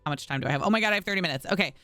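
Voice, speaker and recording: Woman streamer, low smooth voice, rambling and grumbling at her game, dry close mic. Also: animated, racing, a bit bright, no room sound, soft background music. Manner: chatty, frustrated, talks to viewers as y'all. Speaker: gaming streamer. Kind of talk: casual gameplay commentary.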